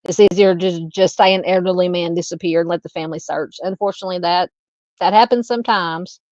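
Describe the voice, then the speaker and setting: Her voice is lowish, steady and a little mellow: a Southern Arkansas woman running a true crime live stream, responding to viewer comments while haltingly working through her thoughts. The recording is muffled, with no room sound.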